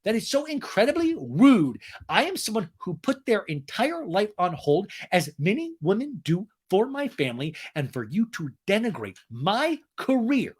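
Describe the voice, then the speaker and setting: A man voicing a haughty, offended reality-star woman who speaks slowly and emphatically. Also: high-pitched, sing-song, slightly rough, voice pushed up, heavily acted. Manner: indignant, slow and emphatic.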